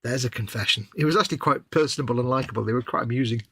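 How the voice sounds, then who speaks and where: Bright, husky man with dry wit. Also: mid-range voice, racing, no room sound. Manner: dry, wry quips. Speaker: co-host of a live hobby stream. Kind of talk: casual banter.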